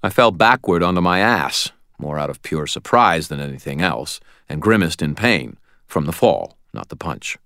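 A man narrating an audiobook in a wry, expressive storytelling manner. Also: sits low, normal speed, no echo, clean studio sound.

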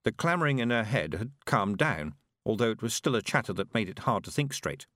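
A man's voice: fairly low pitch, sing-song, a little fast, a bit bright, no echo. Man narrating an audiobook, dry sound.

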